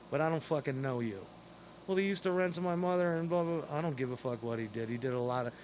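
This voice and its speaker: A man's voice: a little high, a little hiss or hum. A man delivering an angry, rambling, profane monologue straight to camera.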